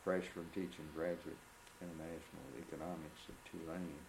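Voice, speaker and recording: An older man, a retired central bank economist, reminiscing in an oral history interview with measured, anecdotal speech. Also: extremely low pitch, flat delivery. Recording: echoey room with background noise.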